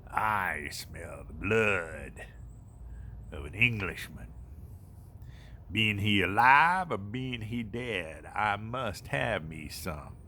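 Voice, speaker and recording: An older man voicing a gruff male giant in a folk tale, chanting slowly and heavily. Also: lowish voice, animated, sharp tone, slight background noise, voice pushed down, full character voice. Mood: menacing. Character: big gruff male giant sniffing out a boy.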